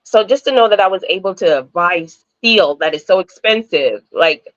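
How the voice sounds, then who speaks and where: A woman's voice: fairly low pitch, lively intonation, normal speed, fairly bright tone, dry recording, lo-fi sound. A woman from Jamaica who talks with an American-sounding accent, chatting as a guest over a video call and laughing often. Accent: American-sounding English. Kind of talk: casual interview chat.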